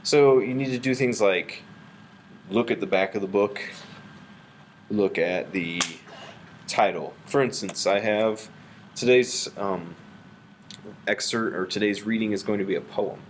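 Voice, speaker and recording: A man teaching a reading lesson, explaining and reading a poem aloud with an expressive voice. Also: on the low side, unhurried, long pauses, slight background noise. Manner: animated, reads aloud with a rising expressive voice.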